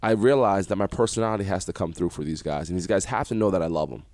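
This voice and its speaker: A man, a former basketball coach, guest on a radio interview, telling animated stories and acting out what people said to him. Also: low voice, fast talker, no room sound. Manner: animated storyteller acting out quotes. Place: radio studio.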